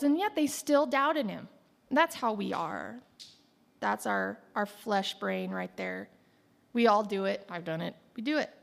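A woman's voice: high-pitched, vocal fry, fairly bright tone. A woman giving a casual sermon, retelling a Bible story in loose, conversational words with joking asides. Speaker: Bible teacher.

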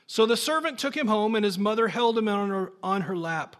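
Male pastor with a high voice, relaxed and jokey between readings. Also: a little fast, hardly any pauses. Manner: casual, jokey asides between dramatic reading. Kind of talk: sermon with scripture reading.

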